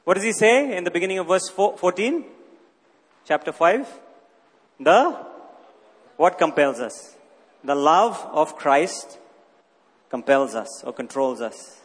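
A man's voice: on the high side, lively intonation, slow pace, long pauses, husky. A man preaching a sermon, teaching with emphatic rhetorical questions and repeating his key phrases. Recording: long reverb of a large hall.

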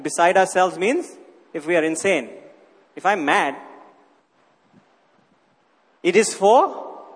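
A man with a high voice preaches in a large hall, and his words ring out with a long echo. He teaches emphatically, asking rhetorical questions and repeating his key points. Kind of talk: sermon.

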